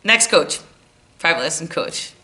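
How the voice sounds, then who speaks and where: A woman softball hitting coach giving a blunt, animated talk to other coaches. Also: low-pitched, a little slow. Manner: blunt and animated, scolding with humor.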